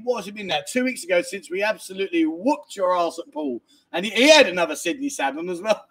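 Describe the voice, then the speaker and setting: Man, middle-aged, high pitch, cheeky livestream host, tired. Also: a bit bright. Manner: cheeky, banters and laughs while reading comments. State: tired from lack of sleep. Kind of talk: casual livestream chat reading viewer comments.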